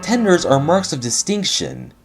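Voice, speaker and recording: A man's voice: lowish voice, wildly swooping pitch, measured pace, a little mellow, soft background music, exaggerated voice. A man voicing a jealous, pompous male steam engine who complains in a huffy way. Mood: complaining.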